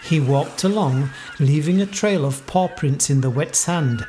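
A woman reading a children's story aloud with expressive delivery. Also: sits low, measured pace, a little hiss or hum.

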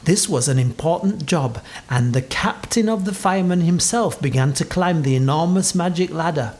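A woman reading a children's story aloud with expressive delivery. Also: low-pitched, moderate pace.

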